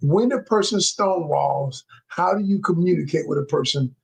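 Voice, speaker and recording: A man's voice: a little high, moderate pace, vocal fry, husky. A man coaching viewers on a live stream, talking emphatically and repeating his points like a preacher, addressing the audience as y'all. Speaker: communication coach. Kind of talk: live-stream teaching talk. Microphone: live-stream microphone.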